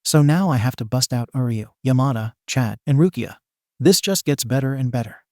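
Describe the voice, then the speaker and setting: Man doing brash teen swordsman, cocky, teasing, mellow low-key voice, brief fan-story read. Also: moderate pace, no room sound, clean studio sound, close to an everyday voice.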